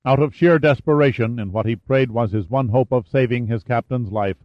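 A man reads a thriller aloud in a steady, dramatic narrating voice of middle pitch. The recording is dry, with no room sound. It is also slightly dull in the highs. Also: moderate pace, no echo. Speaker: audiobook narrator.

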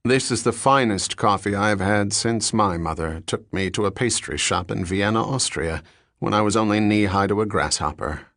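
A man voicing a polite, skeptical detective who speaks in a courteous, measured way. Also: fairly low pitch, fairly bright tone, no echo, studio quality.

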